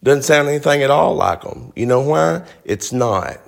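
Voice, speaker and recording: A man's voice: mid-range voice, animated, normal speed, vocal fry. A man preaching a sermon, emphatic, firing rhetorical questions at the congregation.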